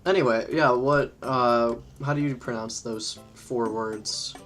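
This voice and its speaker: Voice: medium pitch, fairly even intonation, slow pace, fairly bright tone. A gaming streamer talking unhurriedly into a desk microphone, drifting from the game to loose stories and laughing along the way. Faint music plays behind the voice. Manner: chatty, rambling, often laughing. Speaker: livestream host. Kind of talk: casual gaming livestream chat.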